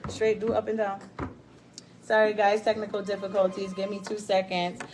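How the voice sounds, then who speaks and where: A woman's voice: mid-range voice, completely flat delivery, moderate pace, darkish tone, faint music behind. A woman hosting a podcast on a live stream, talking casually in a brash, profane way while hyping the show. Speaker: podcast host. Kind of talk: casual livestream talk. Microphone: phone or camera on a live stream.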